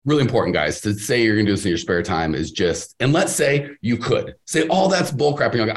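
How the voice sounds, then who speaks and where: Fast-talking animated man with lively pitch. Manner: animated, emphatic, acts out quoted voices. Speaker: podcast host and business coach. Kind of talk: casual podcast advice.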